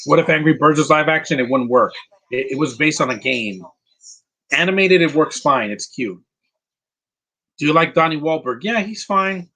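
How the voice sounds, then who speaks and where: A man giving casual live movie commentary, rambling and answering viewers' questions with quick opinions. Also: a little high, expressive, fairly bright tone, breathy edge, poor audio.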